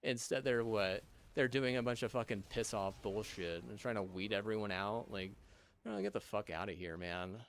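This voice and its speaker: A man's voice: on the low side, moderate pace, a little hiss or hum. A young man rants at length. He rambles and swears constantly, piling up fillers and false starts as he goes. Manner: rambling, profane, many fillers and restarts. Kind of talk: profane rambling rant.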